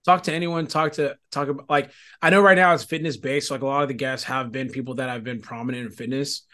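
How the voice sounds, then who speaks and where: Fast-talking man in casual podcast chat. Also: medium pitch, steady tone, bright, forceful tone. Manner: loose, profane, rapid chatter. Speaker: podcast guest.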